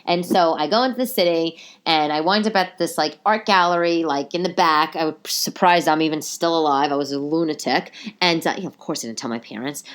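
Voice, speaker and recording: Speaking briskly with few pauses in a low-pitched voice, a middle-aged podcast host chats on her own, spinning rambling stories with plenty of asides. A cold has left her a little nasal.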